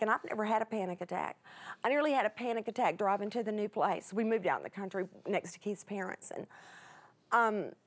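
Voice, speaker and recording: A woman's voice: high-pitched, vocal fry. A middle-aged woman, telling an emotional personal story in a folksy, chatty way that turns tearful at times. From United States. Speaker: Bible teacher guest.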